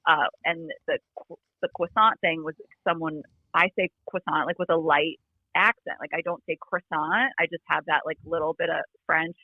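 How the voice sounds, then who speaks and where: A woman chatting as a podcast guest over a remote call, talking quickly with lots of "like" fillers and a fry in her voice. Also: low voice, flat delivery, no room sound. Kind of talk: casual chat. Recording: phone-like remote line.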